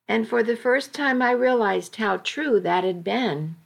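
A woman narrating a novel in the first person, with a gentle, deliberate reading. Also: on the high side, creaky. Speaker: audiobook narrator.

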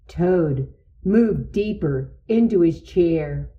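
A woman reading a children's story aloud in a gentle, deliberate way. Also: mid-range voice, sing-song, lo-fi sound.

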